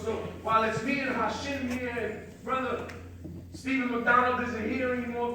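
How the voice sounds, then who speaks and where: A man's very high voice carries an impassioned motivational speech, sometimes swelling to loud emphasis. He is picked up from a distance in a very echoey hall, with faint noise behind. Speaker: motivational speaker and social worker.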